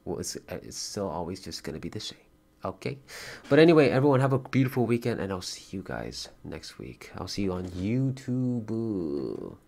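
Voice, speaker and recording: A man chatting casually as a livestreamer, thanking viewers and donors, swearing freely and getting excited in bursts. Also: low-pitched, moderate pace, gravelly, few pauses.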